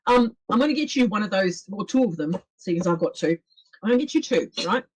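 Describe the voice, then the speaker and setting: A woman's voice: mid-range voice, lively intonation, quick pace, husky, dry recording, poor audio. A woman co-hosting a livestream in casual chat, chatty and teasing. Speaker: streamer co-host.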